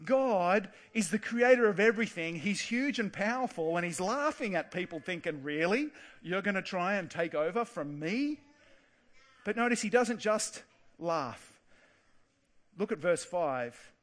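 A man giving a lively Bible talk for children, asking his listeners lots of questions. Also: high voice.

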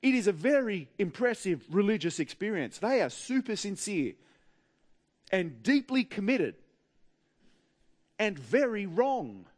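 A man with an Australian accent preaching a sermon in a wry, humorous way, with dramatic pauses. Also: high-pitched, big pitch swings.

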